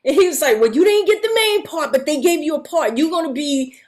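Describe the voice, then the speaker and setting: High-voiced animated woman telling a story. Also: brisk. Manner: animated, acts out quoted voices, laughs often. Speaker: guest actress. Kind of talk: casual storytelling.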